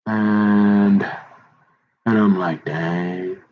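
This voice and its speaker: A man's voice: fairly low pitch, measured pace, phone-quality sound. A middle-aged man in a casual, rambling monologue, talking in a folksy way and often repeating words and restarting.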